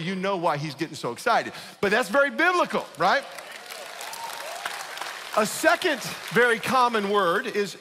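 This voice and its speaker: A pastor giving a conversational, emphatic sermon, often checking in with the congregation. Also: male voice, high-pitched, pushed and bright, long reverb tail. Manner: conversational, emphatic, asks "right?".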